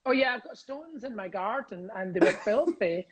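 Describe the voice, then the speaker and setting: A middle-aged Scottish man, a comedian, telling cheeky anecdotes over a video call, quick and giggly, acting out voices in his stories. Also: high voice, lively intonation, rough recording. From Scotland. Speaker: comedian guest. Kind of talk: casual storytelling chat.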